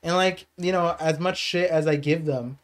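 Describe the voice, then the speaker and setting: A young adult man streaming a live reaction, excitable and laughing, then turning quiet and reflective. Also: on the high side, normal speed. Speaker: streamer reacting to a manga chapter.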